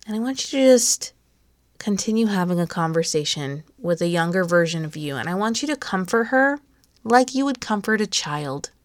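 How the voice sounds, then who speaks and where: A woman in her thirties hosting a podcast, giving an encouraging self-help talk in a gentle coaching manner straight to the listener. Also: medium pitch, lively intonation, moderate pace, no room sound. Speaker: podcast host.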